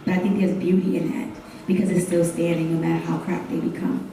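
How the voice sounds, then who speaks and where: A young woman performing spoken word poetry on a live stage, speaking in rhythmic refrains and leading call-and-response, rising into intense, loud gasps and cries. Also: fairly low pitch, little pitch movement, fairly quick, background noise. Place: hotel event stage, live audience. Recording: very echoey room, voice from far off.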